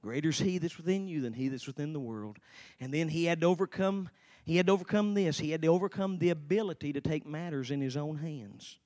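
A preacher in his forties giving a sermon, telling his own story and swinging from quiet storytelling to slow, shouted fervor. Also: fairly high pitch. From Tennessee. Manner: shouts and slows down in the fervent parts, quiet and fast in the storytelling.

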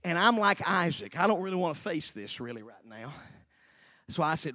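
A man in his forties preaching with a fairly high, bright voice. He moves between soft, quick storytelling and slow, shouted passages full of fervor. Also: big pitch swings. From Tennessee. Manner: shouts and slows down in the fervent parts, quiet and fast in the storytelling. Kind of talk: sermon.

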